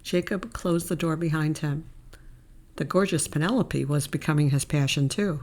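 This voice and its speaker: Woman audiobook narrator, low voice, steady measured storytelling.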